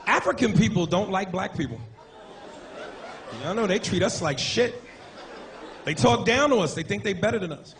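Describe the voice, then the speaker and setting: A man doing a crude, animated stand-up comedy set on a club stage with a handheld mic. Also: high-pitched. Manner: crude, animated, profane jokes. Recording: noisy live club recording. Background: audience laughter.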